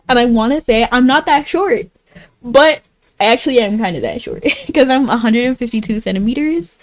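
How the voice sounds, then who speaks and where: A woman's voice: on the high side, lively intonation, normal speed, poor audio. A woman streaming a game, chatting casually and giggling as she answers her chat. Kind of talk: casual live-stream chat while gaming.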